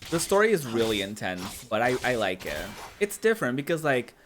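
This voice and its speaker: Chatty man with a lively voice, streaming a game. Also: mid-range voice, a little fast, a little hiss or hum. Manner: chatty, filler-heavy, laughs often. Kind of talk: casual gameplay commentary.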